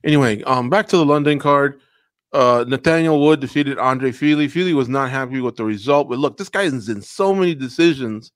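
A man co-hosting a podcast, chatting casually about fights in an animated way and slipping into mock voices. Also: mid-range voice, a little fast, dry recording. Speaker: podcast co-host. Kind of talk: casual MMA recap chat.

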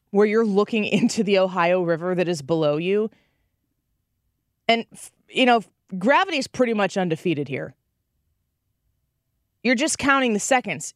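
A woman in her thirties hosting a talk radio show, telling stories with animated energy and acting out the quotes. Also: mid-range voice, no echo, studio quality. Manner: animated storytelling, acts out quotes. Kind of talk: conservative talk radio monologue.

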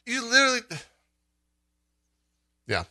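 A man's voice: very high voice, huge pitch swings, slow, bright, forceful tone, no room sound, studio quality. A man co-hosting a podcast, chatting casually in a rambling way with frequent laughter. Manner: rambling, many fillers and restarts, laughs often. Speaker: podcast co-host. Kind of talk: casual chat.

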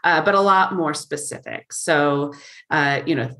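A woman's voice: deep voice, a little slow, sharp tone. A woman guest in a casual interview, explaining things thoughtfully with frequent fillers. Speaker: marketing guest.

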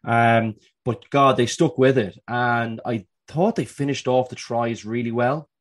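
A man's voice: mid-range voice, steady tone, a little slow. A man co-hosting a podcast, talking in a laid-back, hesitant way with fillers. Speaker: podcast co-host. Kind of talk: casual podcast chat.

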